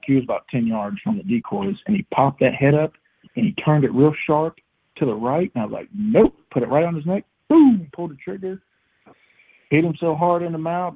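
Excited young man on a phone line. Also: on the high side. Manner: excited, animated retelling with acted-out quotes. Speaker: guest telling a hunting story. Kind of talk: casual storytelling.

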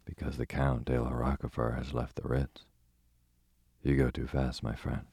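A man voicing a fussy, precise older male detective who speaks placidly and deliberately, with foreign turns of phrase. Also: extremely low pitch, little pitch movement, gravelly, mellow, husky, no room sound, studio quality, exaggerated voice.

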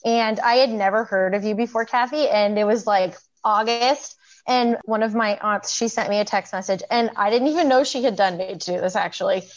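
A woman's voice: medium pitch, a little fast, muffled recording. A woman in her thirties, a program graduate, telling her story casually with many fillers and frequent laughs. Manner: chatty, lots of fillers, laughs often.

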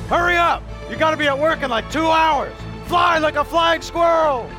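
A brash young cartoon reporter, as a man acts him out, with a very high, yelling, bossy voice. He is self-absorbed and barks orders. Music plays clearly behind him. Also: normal speed. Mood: excited. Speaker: field reporter. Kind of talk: cartoon voice acting.

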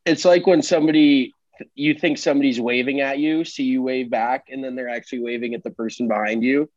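A man trades crude, self-deprecating jokes as a podcast co-host. His mic sounds dull and a bit lo-fi, and the sound is dry with no room around it. His voice sits at a middling pitch. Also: fairly even intonation, brisk, darkish tone, dry recording. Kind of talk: casual chat.

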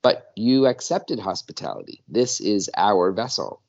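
A man's voice: on the low side, big pitch swings, measured pace, creaky, muffled recording, exaggerated voice. A man voicing a cold, clinical alien that treats others as objects, speaking in a detached, formal way. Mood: coolly curious. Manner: detached, formal, matter-of-fact.

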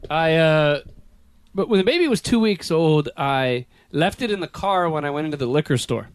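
A man telling stories in casual chat, laughing and acting out voices and yells. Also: a little high, normal speed, clean tone. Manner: animated storyteller, laughing, acts out voices and yells.

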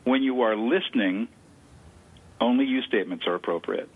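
A man's voice: mid-range voice, normal speed, husky. A man speaking as an interview guest, explaining a listening technique with enthusiasm and repeating words for emphasis. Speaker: guest expert on conflict de-escalation. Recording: tinny phone line.

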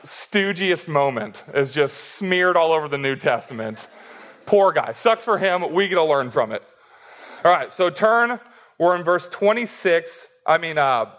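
A man's voice: a little high, fairly bright tone. A young man preaching a sermon in a casual, joking way, laughing as he reads and explains scripture. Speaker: pastor.

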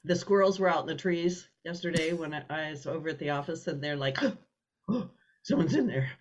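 A woman's voice: low voice, flat delivery, a little fast. A woman hosting a morning radio talk show from the Pacific Northwest, chatting casually and giggling as she rambles. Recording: slightly dull lo-fi sound.

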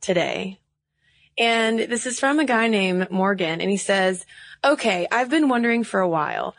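A woman's voice: medium pitch, lively intonation, normal speed, no echo, clean studio sound. A woman from the American South co-hosting a podcast in casual chat, laughing often. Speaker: podcast co-host.

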